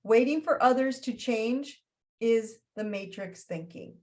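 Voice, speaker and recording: A woman hosting a spiritual astrology talk in an animated way, often slipping into playful character voices. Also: a little high, a little slow. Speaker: astrology host.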